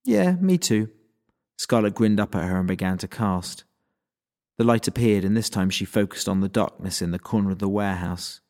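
Male narrator, audiobook reading, low voice, measured, dry wit. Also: little pitch movement, darkish tone.

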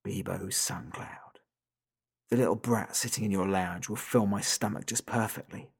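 A sinister, hungry entity on a toy phone, as a male reader puts it on, dropping low and quiet to taunt. Its voice comes thin and tinny over the line, and it drags out every threat with slow, smug calm. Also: husky. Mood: menacing. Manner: taunting, soft and slow, drawing out the listener's name. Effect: tinny and thin through a phone.

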